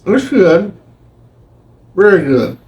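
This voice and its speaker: An older man with a Kentucky accent speaks slowly and easily in a folksy drawl. His voice sits a little high for a man and sounds a step away from the mic, like a husband chiming in at the kitchen table. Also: very animated, far from the mic, lo-fi sound. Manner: slow, folksy, easygoing. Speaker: host's husband, taste tester.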